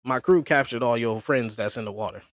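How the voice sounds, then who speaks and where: A man's voice: medium pitch, fairly quick, no echo, clean studio sound. A man casually retelling a story on a podcast, acting out the characters' lines in slang. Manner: animated retelling with slangy acted quotes. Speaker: podcast co-host.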